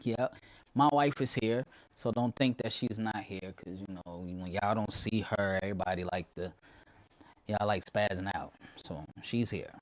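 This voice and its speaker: A pastor chatting casually as he opens a livestream, his audio glitched into a pitched-up chipmunk sound. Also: normal speed, no echo. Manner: loose, chatty, greets viewers by name.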